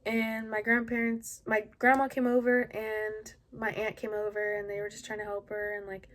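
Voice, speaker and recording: A young adult woman at home tells a personal story in a halting, casual way, full of fillers. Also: medium pitch, level tone, fairly bright tone. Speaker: vlogger. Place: at home indoors.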